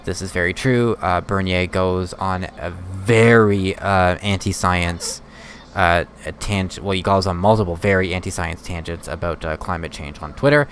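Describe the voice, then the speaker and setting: A man streaming casual political commentary, rambling and halting with many fillers. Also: low-pitched, fairly even intonation, slight background noise. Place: home streaming setup.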